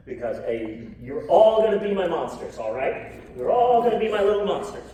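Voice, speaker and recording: A woman comedian doing a lively live storybook reading, with joking asides and coaxing the audience to join in. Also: low-pitched, a little fast, few pauses. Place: live show venue with audience. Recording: echoey room, far mic, audience noise.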